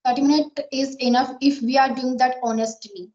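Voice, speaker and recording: A woman's voice: high voice, fairly even intonation, moderate pace, darkish tone. A woman with an Indian accent, an English learner earnestly explaining her daily practice in a casual conversation. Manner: earnest, explains at length with many fillers. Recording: echoey, dull lo-fi sound.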